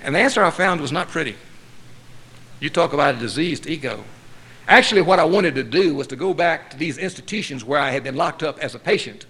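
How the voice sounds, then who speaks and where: A man's voice: a little high, animated, brisk, sharp tone, breathy edge. A man from North Carolina giving a personal recovery testimony at a meeting, telling it in a wry, self-mocking way. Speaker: speaker sharing his story at a recovery meeting.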